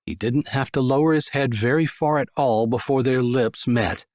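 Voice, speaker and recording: A man narrating a romance audiobook in a calm, measured way. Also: mid-range voice, dry recording, studio quality. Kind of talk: scripted narration.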